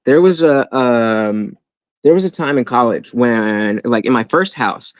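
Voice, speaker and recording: A man's voice: mid-range voice, unhurried, no echo, highs cut off. A young man chatting casually on a live stream at home, rambling and interrupting himself with jokes. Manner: rambling, self-interrupting, jokey. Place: at home indoors. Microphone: desk microphone.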